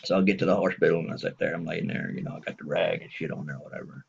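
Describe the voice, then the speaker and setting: Deep gravelly guy telling a crude rambling story, husky, lo-fi sound. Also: steady tone, rapid-fire. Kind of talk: profane comic storytelling monologue.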